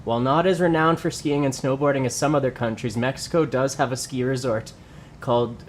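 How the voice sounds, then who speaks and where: A young Canadian man with a medium-pitched voice talks a little fast, with a faint hiss or hum in the audio. A livestreamer and lifter, he chats casually from his home workout space, reading viewer comments aloud and answering them.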